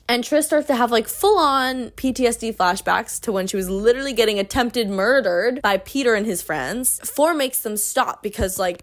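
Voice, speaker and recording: A young woman hosting a casual book recap, retelling the story with sarcastic, exasperated asides and lots of "like". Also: on the high side. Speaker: book review host.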